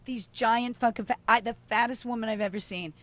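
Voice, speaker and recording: A woman's voice: on the high side, fairly even intonation, brisk, a little hiss or hum. A woman co-hosting a comedy podcast, telling stories in a loose, profane way and laughing as she goes. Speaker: podcast co-host. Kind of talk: casual comedic storytelling.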